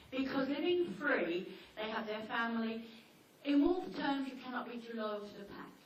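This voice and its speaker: Animated woman teaching in an echoey hall. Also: on the high side, distant mic, slight background noise. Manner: lively, animated storytelling. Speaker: dog trainer. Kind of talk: seminar talk.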